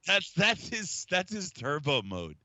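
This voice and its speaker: Eager, lively-voiced man on a podcast. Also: fairly high pitch, no room sound. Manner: enthusiastic, quick to laugh. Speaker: podcast co-host. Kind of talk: casual chat about toys.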